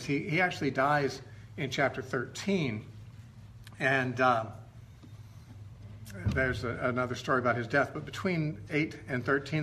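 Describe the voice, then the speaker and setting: A middle-aged man tells Bible stories as an informal teacher. His voice is bright and forward, and he talks in a conversational, halting way, often pausing to correct himself. A faint hiss of noise sits behind him. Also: mid-range voice.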